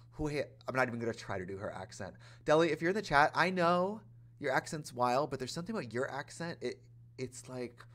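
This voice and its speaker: A man hosting a casual gaming livestream, chatty and animated, talking straight to his chat in a campy, playful way. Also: medium pitch. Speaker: livestream host playing a life-sim game.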